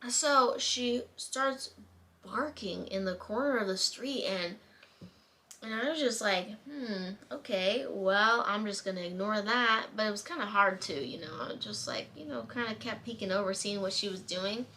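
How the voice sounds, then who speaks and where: A young woman telling a story at home into her camera, in a chatty, animated way. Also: mid-range voice, normal speed, slight background noise. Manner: chatty, animated retelling with bursts of laughter. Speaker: vlogger. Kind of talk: casual storytime chat. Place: home room. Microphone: camera mic.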